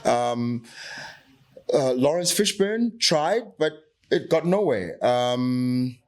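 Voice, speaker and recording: A man's voice: medium pitch, animated, drawn-out words. A middle-aged man from South Africa, an actor talking as a podcast guest, passionate and emphatic, making his points with rhetorical questions. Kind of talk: candid podcast conversation.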